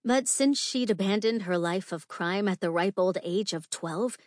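A woman narrating an audiobook with a measured, clear storytelling delivery. Her voice sits at a middle pitch. The recording is dry and close, with no room sound. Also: a little mellow, dry recording.

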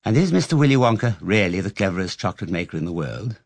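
A man puts on the voice of a small, eager boy hungry for answers. The lines rise higher than the reader's own voice, full of wonder. It is a close, dry storybook reading. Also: very animated, fast talker, gravelly, no echo, heavily acted. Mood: curious. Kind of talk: audiobook reading.

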